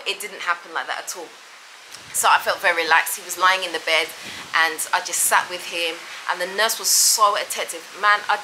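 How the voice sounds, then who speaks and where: A woman's voice: lowish voice, sharp tone, slight background noise, low-quality recording. Rambling, emphatic woman vlogger. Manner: rambling, emphatic, repeats herself. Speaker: vlogger and mother. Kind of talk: casual talk to camera.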